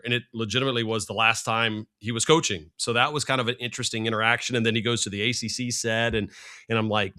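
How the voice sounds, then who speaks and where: A middle-aged man, a sports analyst guest, talking fast and rambling in casual podcast chat. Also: medium pitch, fairly even intonation, sharp tone.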